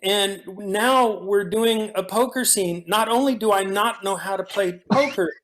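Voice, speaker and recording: Guy with a pretty high voice rambling thru old set stories, lots of restarts. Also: measured pace. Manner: animated storyteller, frequent restarts. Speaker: actor guest. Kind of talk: casual storytelling in a conversation.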